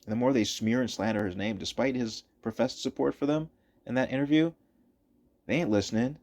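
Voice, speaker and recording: A man's voice: medium pitch, a little fast, darkish tone. A man giving opinionated commentary over footage, emphatic and repeating his points for stress. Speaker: political commentator.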